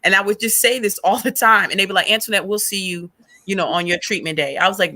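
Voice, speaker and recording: A woman guest on a faith podcast, retelling a hard stretch of her life as an animated storyteller who acts out past conversations. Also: mid-range voice, quick pace. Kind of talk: emotional personal testimony.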